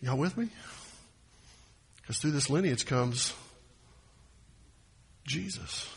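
Husky folksy pastor preaching. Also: male voice, medium pitch, lively intonation, takes it slowly, pauses often, long reverb tail. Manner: folksy, asks the congregation questions. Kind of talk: sermon.

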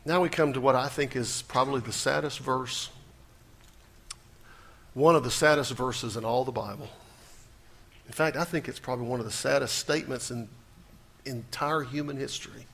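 A male pastor preaching a sermon, swinging between loud emphasis and hushed, intense moments. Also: mid-range voice, moderate pace, gravelly, long pauses.

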